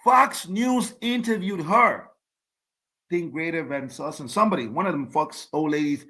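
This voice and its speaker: A man's voice: a little high, bright, forceful tone. A man hosting his own podcast, delivering an emphatic opinion monologue and repeating words as he builds his points. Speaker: podcast host.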